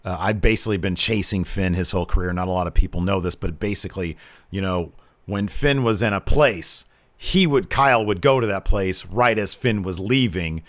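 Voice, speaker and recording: Chatty low-voiced man, dry sound. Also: brisk, no echo. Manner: chatty, laughs easily, rambling asides. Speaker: podcast co-host. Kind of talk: casual wrestling review chat.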